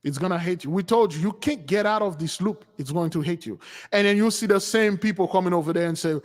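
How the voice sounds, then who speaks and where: A man's voice: high-pitched, quick pace. A man giving an informal sermon-style talk, emphatic and repetitive in how he drives his points home. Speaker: spiritual teacher. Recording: long hall reverb.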